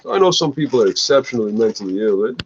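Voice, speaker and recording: A man's voice: mid-range voice, sing-song, racing, dull audio, background noise. Profane ranting man. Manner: blunt, swearing, ends lines with "eh". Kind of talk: rambling profane rant to camera.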